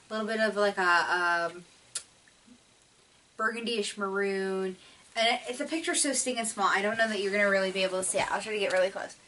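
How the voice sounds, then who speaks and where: A woman's voice: medium pitch, sharp tone, recorded from a distance, poor audio. A woman hosting a knitting video podcast, talking in a chatty, rambling way with lots of fillers. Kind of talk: casual chat.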